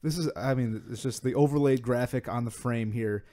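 A man's voice: medium pitch, brisk, mellow. A man co-hosting a casual movie commentary podcast, joking sarcastically and groaning at a bad film. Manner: sarcastic, groans and jokes at the screen. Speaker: podcast co-host.

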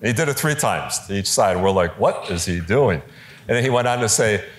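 A man giving a conversational talk on preaching to a live audience, lively, with fillers and quoted voices, in a large room. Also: lowish voice, fairly quick. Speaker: speaker teaching preachers.

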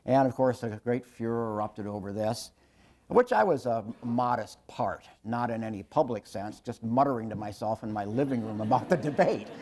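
A man's voice: mid-range voice, darkish tone. Wry sixty-something man giving a lecture. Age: 60s. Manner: wry, self-deprecating, halting with restarts. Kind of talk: public lecture told through stories. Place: lecture hall with an audience.

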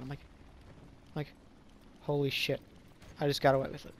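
A man spins a casual story in a slightly high voice, leaning hard on fillers and the odd curse word. He trips over his words and restarts a lot, rambling along without much polish. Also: little pitch movement, fairly quick, long pauses. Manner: rambling, filler-heavy, profane; stumbles and restarts often. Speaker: vlogger.

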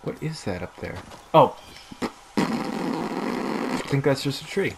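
Excitable, goofy gaming host. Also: male voice, on the high side, vocal fry, noisy background. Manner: excitable and goofy, with quick bursts of exclamations. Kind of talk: casual gameplay commentary.

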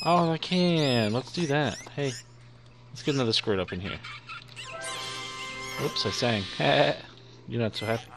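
A man's voice: medium pitch, measured pace, long pauses, over music. A young man giving playful let's-play commentary, chatting to the creatures on screen as he plays. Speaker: gaming YouTuber.

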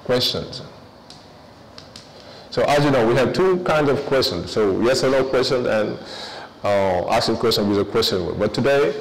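A man's voice: mid-range voice, long reverb tail, a little hiss or hum, low-quality recording. A man teaching an English review lesson, switching between English and with frequent fillers.

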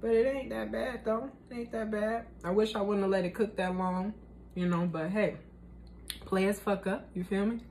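A woman's voice: mid-range voice, steady tone, normal speed, darkish tone, slight background noise. A young woman chatting casually in a cooking vlog, slangy and talkative, tasting her food as she talks. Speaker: vlogger.

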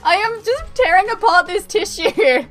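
High-voiced giggly woman streamer. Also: expressive, unhurried, a bit bright, soft background music. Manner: giggly, rambling, easily startled. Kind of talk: casual live-stream gameplay chat.

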